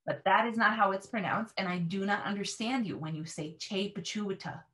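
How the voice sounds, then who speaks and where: A woman's voice: mid-range voice, fairly quick, fairly bright tone. A woman language teacher explaining her classroom method in an earnest, emphatic way. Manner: earnest, emphatic, models repeated words.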